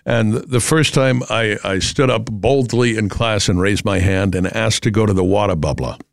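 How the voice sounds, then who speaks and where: A man's voice: lowish voice, steady tone, moderate pace, creaky, no echo, studio quality. A middle-aged man with a New England accent hosting a radio show, chatting in a rambling way with many fillers. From Massachusetts. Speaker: radio host. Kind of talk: casual talk radio.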